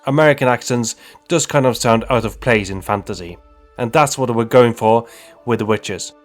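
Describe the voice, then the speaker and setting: Brief: male YouTube narrator, humorous game recap, mid-pitched, wry asides.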